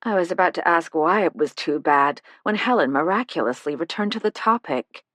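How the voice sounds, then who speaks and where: A woman's voice: on the low side, no room sound. Woman narrating a cozy mystery, dry and close. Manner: even, measured storytelling. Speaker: audiobook narrator. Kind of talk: first-person mystery narration.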